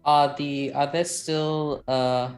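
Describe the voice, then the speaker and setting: Man, tabletop role-play, slow musing talk, faint music behind. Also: on the high side, flat delivery. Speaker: player.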